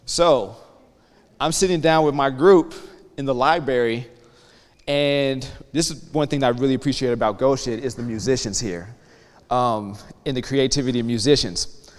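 Male guest speaker, 30s, mid-pitched and energetic, motivational storytelling to students, long hall echo. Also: moderate pace. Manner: energetic storyteller, checks in with the audience. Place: campus hall.

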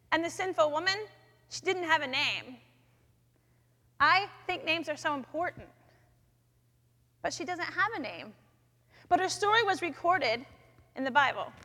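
A woman speaking in a chapel, sharing a personal faith story with lively storytelling in which she acts out her own thoughts. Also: high voice. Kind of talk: personal testimony talk. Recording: long echoey hall reverb.

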